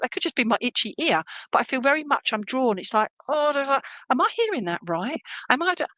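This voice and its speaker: A woman's voice: fairly high pitch, fairly bright tone, no echo, poor audio. A woman giving live psychic readings to viewers, chatty and meandering, full of fillers and checks like "okay?". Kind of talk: live-stream reading, casual chat to viewers.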